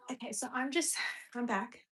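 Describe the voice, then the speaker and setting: This Australian woman has a high, slightly rough voice. She rambles through a casual home livestream, turning to speak to a dog now and then.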